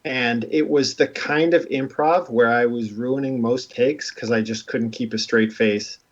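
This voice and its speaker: A man's voice: medium pitch, fairly even intonation, a little slow. A man in casual livestream chat, rambling and self-deprecating as he tells a story. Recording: dull lo-fi stream audio.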